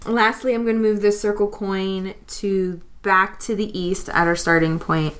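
A woman's voice: medium pitch, fairly even intonation, measured pace, a bit bright. A woman playing a tabletop game, chatting casually and thinking aloud as she plays. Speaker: player. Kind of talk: casual play commentary.

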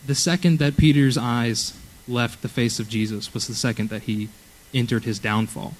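A man's voice: mid-range voice, fairly even intonation, normal speed, low-quality recording. A young man preaching at a church youth service, earnest and conversational, often checking in with "okay?". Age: young adult. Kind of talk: sermon.

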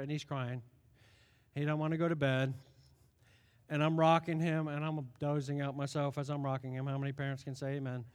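A middle-aged man preaches with a high-pitched voice that rings out through a long reverberant hall. He tells stories animatedly, rising loud and dropping soft. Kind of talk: sermon.

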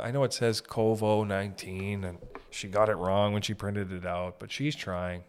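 A lowish, clean-toned male voice at a moderate pace belongs to a podcast host from Northern Ontario, Canada. He rambles through animated, profane anecdotes in a comedic storytelling chat.

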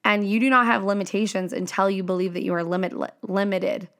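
A woman's voice: mid-range voice, fairly even intonation, fairly quick, fairly bright tone. A young woman hosting a podcast as a coach, talking casually in a chatty way. She leans on the fillers "like" and "right?" and swears freely.

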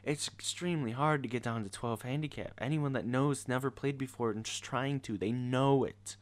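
A man's voice: mid-range voice, moderate pace. A teenage boy ranting casually in an exasperated, sarcastic way. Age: teens. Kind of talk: casual rant to camera.

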